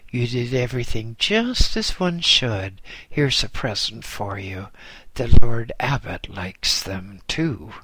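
A man voicing a kindly monk who murmurs his praise quietly, in a story read aloud. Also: mid-range voice, lively intonation, slow, background noise. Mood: pleased. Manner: murmured, pleased.

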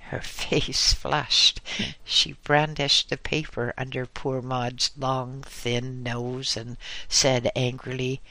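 A man narrating a humorous story in a deliberate, wry reading. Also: medium pitch, level tone, sharp tone, no room sound.

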